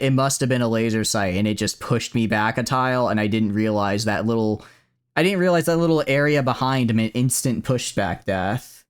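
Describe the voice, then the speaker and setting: Rambling man streaming a game, lively pitch. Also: smooth. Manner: rambling, joking asides, swears heavily when frustrated. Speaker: gaming streamer. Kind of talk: casual live-stream commentary. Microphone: streaming mic set to cap loud shouts.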